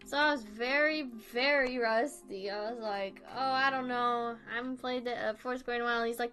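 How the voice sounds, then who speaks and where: A woman's voice: on the high side, fairly even intonation, brisk, hardly any pauses, bright, forceful tone, faint music behind. A young woman in her twenties chatting casually on a drawing stream, rambling and self-deprecating, often laughing.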